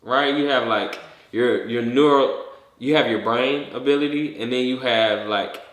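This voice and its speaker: A man's voice: medium pitch, measured pace, fairly bright tone. A man co-hosting a podcast in casual chat, rambling and acting out voices as he tells a story. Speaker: podcast co-host. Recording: echoey room.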